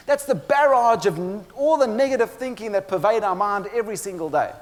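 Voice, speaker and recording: A man with a high voice gives a keynote talk from a stage. He tells his stories with dry humor and turns often to the audience. His words trail off into a long hall reverb. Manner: storytelling with dry humor, addresses audience directly. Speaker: motivational speaker. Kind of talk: keynote presentation on stress.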